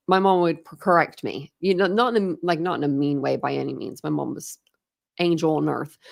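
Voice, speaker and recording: Woman from ohio rambling on her true crime live stream, gravelly fry in her voice. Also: fairly low pitch, moderate pace, a little mellow. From Ohio, born in Philadelphia. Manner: chatty, rambling, reads comments aloud and laughs often. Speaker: true crime livestream host. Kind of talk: casual chat with live chat viewers.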